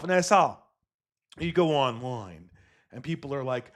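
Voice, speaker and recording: Talking at normal speed in a fairly high pitch, a man hosts a solo commentary podcast. He wanders from point to point in a casual, digressive way and swears now and then.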